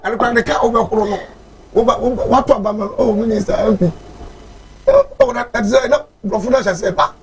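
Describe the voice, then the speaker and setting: Male co-host, Ghanaian accent, very high and rapid, repeats words, laughs mid-story. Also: very animated, gravelly, a little hiss or hum. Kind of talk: animated casual chat.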